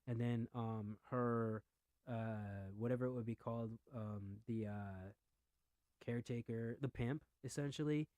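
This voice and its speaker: A young man rants casually on his podcast, cursing freely and veering between quiet mumbling and sudden loud outbursts. His voice sits at an ordinary middle pitch. The sound is dry and close, with almost no room around it. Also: measured pace, dry recording. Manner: profane, excitable, swings from mutters to shouting. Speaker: podcast host. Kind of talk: casual rant.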